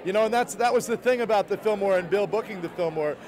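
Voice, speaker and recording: High-voiced man musing amid crowd. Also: fast. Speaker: interviewee. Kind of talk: casual interview. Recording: crowd noise behind.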